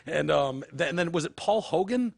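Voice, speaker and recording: A man's voice: fairly high pitch, expressive, normal speed, creaky, dry recording, studio quality. A man co-hosting a podcast in casual, profane, rambling chat. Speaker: podcast co-host.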